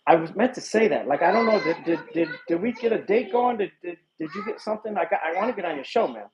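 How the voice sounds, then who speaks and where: A man's voice: high-pitched, big pitch swings, fast talker. A man from Illinois, a police detective, chatting casually and laughing easily with viewers on a phone livestream outdoors at night. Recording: dull lo-fi phone stream with background noise.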